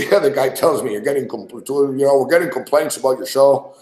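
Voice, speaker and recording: A man's voice: mid-range voice, fairly quick, a little mellow. A man hosting a podcast, telling a rambling, profane story in casual chat and laughing often. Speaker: podcast host. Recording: roomy echo.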